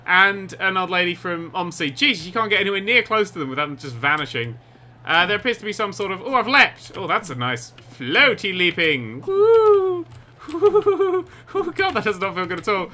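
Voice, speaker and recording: A man commentating over a video game he is playing, excitable and sarcastic, swearing often. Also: sits high, fairly quick. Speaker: gaming commentator. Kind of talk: let's play commentary.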